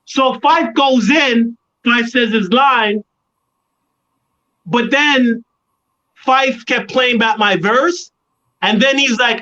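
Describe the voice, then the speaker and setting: A man telling a long studio story in a casual interview, animated and acting out what others said. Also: very high voice, takes it slowly, pauses often. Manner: animated storyteller, acts out quoted voices. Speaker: guest artist. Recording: dull lo-fi sound.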